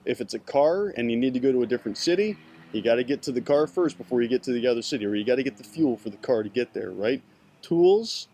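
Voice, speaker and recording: Male podcast host, mid-pitched voice, emphatic, swears freely, motivational business rant. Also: darkish tone. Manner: casual, profane, keeps asking "right?"; emphatic, many restarts.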